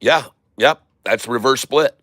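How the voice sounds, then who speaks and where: A man streaming live day trading, narrating his buys and prices as he goes and spelling out tickers slowly. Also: medium pitch, fairly bright tone, no room sound. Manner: running commentary, repeating tickers slowly.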